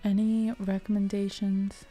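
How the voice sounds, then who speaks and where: A woman's voice: mid-range voice, level tone, a little slow, warm tone. A woman music streamer chatting casually and affectionately with her viewers, laughing often.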